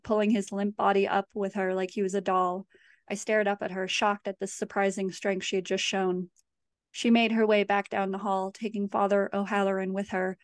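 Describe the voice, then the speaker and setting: Woman reading a horror story, steady and dry. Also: medium pitch, dry recording. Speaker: author.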